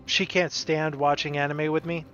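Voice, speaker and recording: A man's voice: fairly high pitch, little pitch movement, moderate pace, fairly bright tone. Rambling man chatting on a stream. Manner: rambling, self-interrupting storyteller. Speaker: stream co-host. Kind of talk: casual chat. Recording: dull lo-fi stream audio with music.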